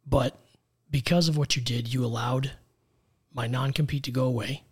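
An American man, a guest executive coach, telling his story in an earnest, measured way. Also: mid-range voice, steady tone, slightly rough. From United States. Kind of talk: conversational interview.

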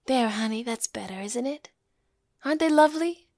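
A woman's voice: fairly high pitch, lively intonation, normal speed, darkish tone, no room sound, clean studio sound. A woman voicing a tender young woman who cares for a small boy, emotional and at times whispering, in an audio play reading.

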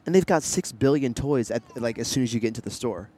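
Animated young man telling stories. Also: medium pitch, fast, slightly rough. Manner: animated storyteller, tries silly accents. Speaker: podcast co-host. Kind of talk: casual chat.

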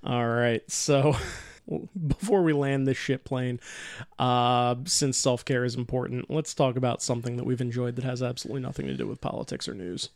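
A man's voice: mid-range voice, fairly even intonation, moderate pace, gravelly, a little mellow, dry recording, studio quality. A man co-hosting a podcast, sarcastic and profane, laughing often in casual chat. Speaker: podcast co-host.

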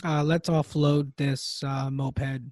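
A man's voice: mid-range voice, flat delivery, takes it slowly, a little mellow, dry recording, clean studio sound. A man playing a tabletop game, joking and rambling with stammered restarts. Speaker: player. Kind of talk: casual tabletop game play.

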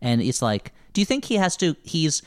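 Male co-host, middle voice with lots of pitch movement, talks things through as he goes, dry close mic. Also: wildly swooping pitch, moderate pace, clear, resonant tone, no room sound. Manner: thinks aloud, trails off and restarts. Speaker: podcast co-host. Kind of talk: casual recap chat.

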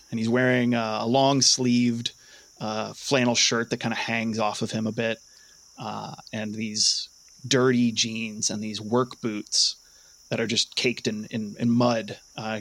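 A man's voice: medium pitch, a bit bright. Hesitant young male game master. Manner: hesitant, many fillers, laughs often. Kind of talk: narrating a tabletop game.

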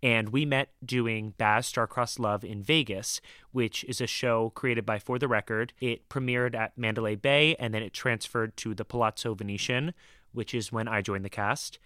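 Male host, bright tone, playful teasing delivery, dry sound. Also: medium pitch, fairly even intonation, normal speed, dry recording. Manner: teasing, laughs easily. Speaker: podcast host. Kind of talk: casual chat and scripted intro.

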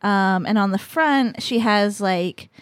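A woman's voice: medium pitch, takes it slowly, smooth, dry recording, studio quality. A woman playing a tabletop role-playing game, upbeat and chatty. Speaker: player. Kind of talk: casual tabletop game play.

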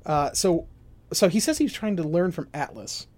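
A man's voice: fairly high pitch, moderate pace. A young man hosting a casual podcast, joking around and reading out news items. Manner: joking, excitable, reads news items aloud. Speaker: podcast host.

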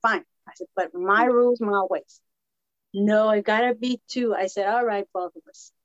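How she met her husband is the story a woman tells a podcast host in this casual chat, voicing every quote with animation. She has a Latina American English accent and a medium-pitched voice at a moderate pace. The sound is lo-fi, with no room sound.

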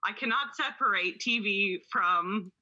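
A woman co-host chats and reads aloud with a strongly bright, husky tone. She laughs often and calls listeners baby. The recording sounds a little dull and lo-fi. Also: medium pitch, measured pace. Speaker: podcast co-host. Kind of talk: casual chat and reading aloud.

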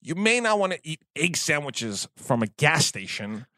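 A man's voice: on the high side, big pitch swings, normal speed, sharp tone, no room sound, studio quality. A man co-hosting a podcast in casual chat, playful and joking. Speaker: podcast co-host.

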